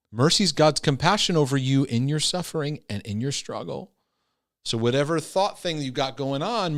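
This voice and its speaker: A man's voice: medium pitch, fairly bright tone. Conversational middle-aged man teaching. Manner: conversational, acts out voices with tag questions. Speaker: Christian teacher on anxiety and OCD. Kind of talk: casual teaching talk.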